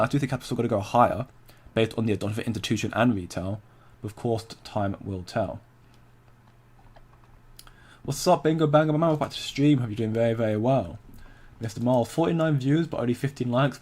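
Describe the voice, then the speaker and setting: A man's voice: medium pitch, darkish tone. Chatty man hosting a livestream. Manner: chatty, reads and answers viewer comments, laughs often. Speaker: crypto livestream host. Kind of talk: casual livestream chat.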